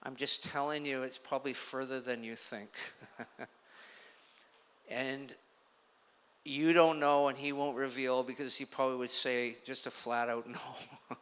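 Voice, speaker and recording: Bright-voiced man preaching in a hall. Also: medium pitch, steady tone, a little slow, pauses often, clean tone. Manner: conversational storytelling preacher. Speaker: pastor. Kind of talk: sermon. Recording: long hall reverb.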